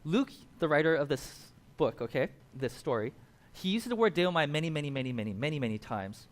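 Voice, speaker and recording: Animated male preacher, higher voice. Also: fairly quick. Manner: animated storytelling, acting out voices. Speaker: pastor. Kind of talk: sermon.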